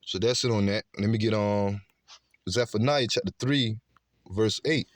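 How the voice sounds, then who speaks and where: A man's voice: fairly low pitch, measured pace, no echo, clean studio sound. A man preaching a scripture-based sermon, emphatic, often adding "okay" and "man". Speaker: street preacher.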